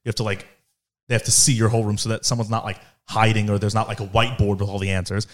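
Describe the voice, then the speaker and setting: Twenties man, lowish voice, frank, casual, swears freely. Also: little pitch movement, fast talker. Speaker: co-host, law school applicant. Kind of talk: casual family chat.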